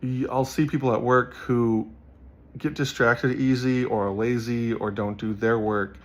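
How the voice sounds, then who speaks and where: A man's voice: medium pitch, steady tone, measured pace. A young man giving casual, earnest commentary on Bible verses, rambling with many fillers. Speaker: Bible study vlogger.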